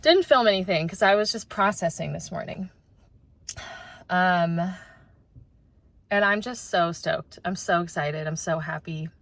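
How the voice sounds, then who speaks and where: A woman's voice: on the low side, a little slow, long pauses, dry recording. A young adult woman talking casually to camera as a vlogger, chatty and full of "like" fillers. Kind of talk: casual vlog chat. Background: loud background music.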